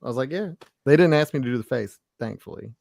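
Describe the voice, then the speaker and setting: A Southern man with a middle-pitched voice who talks in a laid-back, dry way. He drops short remarks into the casual chat. The sound is close and dry. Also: lively intonation, quick pace, vocal fry, a little mellow, dry recording. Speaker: cast member of a comedy sketch show.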